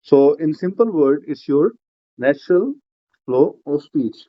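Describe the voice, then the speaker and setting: A man's voice: a little high, animated, measured pace. Guy lecturing a class, keeps saying right? and uh, kinda muffled recording. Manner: explanatory, frequent "right?" checks and "uh" fillers. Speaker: teacher. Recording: slightly dull lo-fi recording.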